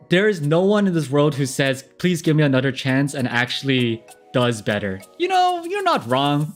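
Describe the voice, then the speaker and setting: Guy on stream reading viewer messages, animated, keeps laughing, soft music under. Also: medium pitch. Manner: animated, laughing, chatty asides. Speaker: streamer giving relationship advice.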